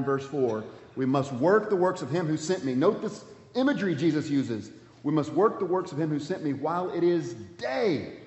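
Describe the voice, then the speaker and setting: Man preaching in an echoey hall. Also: on the high side. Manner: emphatic preaching, swinging from loud to hushed. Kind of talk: sermon. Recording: dull, echoey hall sound.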